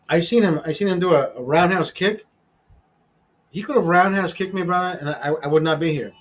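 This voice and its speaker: A man hosting his own vlog, telling a story in a casual, profane and animated way, often repeating words when excited. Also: high voice. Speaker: vlog host.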